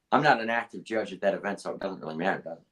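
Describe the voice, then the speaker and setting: A man's voice: low-pitched, a bit bright. A man co-hosting a casual fight review podcast, blunt and profane, restarting his sentences often. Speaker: podcast co-host, artist.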